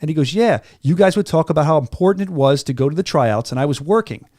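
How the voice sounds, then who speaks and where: Fast-talking excited male host, dry studio. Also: a little high, no echo. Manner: enthusiastic, storytelling, repeats words. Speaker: podcast host. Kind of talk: casual studio chat.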